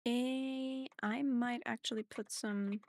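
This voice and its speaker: A woman's voice: a little high, steady tone, slow, darkish tone, dry recording. A young German woman, a native German speaker with an English accent that mixes British touches, chatting in a rambling, self-deprecating way while streaming a game. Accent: German-speaker with mixed British touches. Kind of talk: casual chat while playing.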